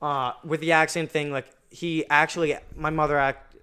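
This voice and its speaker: Young male guest, smooth resonant voice pitched a touch high, rambling casual storyteller. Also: level tone, moderate pace, sharp tone. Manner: rambling, many "like" fillers and restarts. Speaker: podcast guest.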